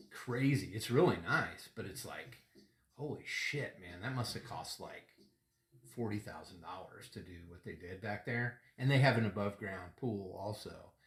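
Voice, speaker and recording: A middle-aged man hosting a casual chat during a tequila tasting, rambling and laughing often. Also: lowish voice. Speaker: podcast host. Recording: echoey room.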